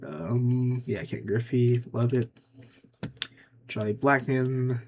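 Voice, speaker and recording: A man's voice: medium pitch, slow pace, a little mellow, a little hiss or hum. A young man giving casual gameplay commentary, muttering offhand, dry remarks to himself as he makes picks. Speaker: gaming YouTuber.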